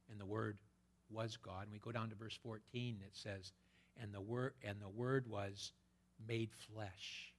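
A man preaching a sermon, quoting scripture and swinging between loud emphatic peaks and hushed whispers. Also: on the low side. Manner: quotes scripture in old-fashioned wording.

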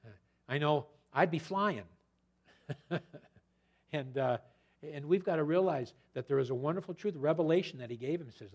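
A male preacher works through a scripture passage in a loose, conversational way. His voice sits a little high and sounds husky and breathy, and he drops animated asides between the verses. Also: moderate pace, long pauses. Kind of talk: expository sermon.

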